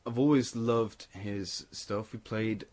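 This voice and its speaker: A man's voice: fairly low pitch, steady tone, slow, a little mellow. A young man presenting a radio show, chatting casually and enthusiastically about electronic tracks and laughing easily.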